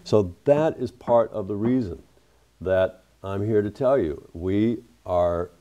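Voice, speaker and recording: A man's voice: fairly low pitch, slow, mellow, dull audio. A middle-aged man giving a public talk as an author, telling a story in an earnest, reflective way with frequent fillers. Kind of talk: lecture storytelling.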